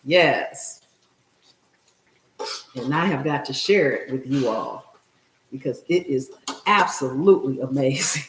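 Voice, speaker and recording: A woman's voice: extremely low pitch, lively intonation, slow, long pauses, roomy sound, a little hiss or hum, low-quality recording. A middle-aged woman hosts a live cooking stream from her home kitchen, chatting and answering viewer comments as she cooks. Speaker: cooking show host.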